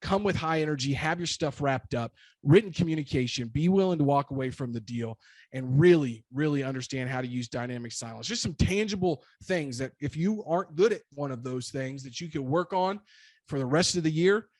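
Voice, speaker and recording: A man's voice: on the high side, lively intonation, fairly quick, a little mellow, no room sound. A man, a real estate broker, giving emphatic motivational advice in short, punchy, repeated phrases. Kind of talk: energetic motivational talk.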